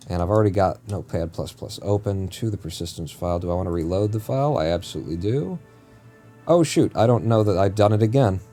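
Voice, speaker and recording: A man with a deep, mellow voice talks through a live game stream, wandering from topic to topic with jokes and constant self-corrections. His delivery is loose and chatty, and soft music plays quietly underneath. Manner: rambling, jokey, often corrects himself mid-sentence. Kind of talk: casual live-stream chat while playing.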